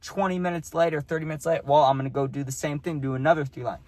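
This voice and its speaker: A man's voice: a little high, very fast, darkish tone. A young man telling a personal story in a loose, profane, rambling way, full of fillers, recorded close to the mic. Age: young adult. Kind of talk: casual storytelling.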